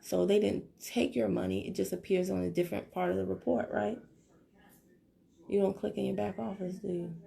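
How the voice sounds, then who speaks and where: A woman's voice: mid-range voice, fairly even intonation, a little fast, vocal fry, warm tone. A woman with a Southern American accent, talking casually and with sass to her team on a live video. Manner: sassy, joking, talks straight to viewers. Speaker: network marketing team leader. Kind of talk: casual live-stream talk.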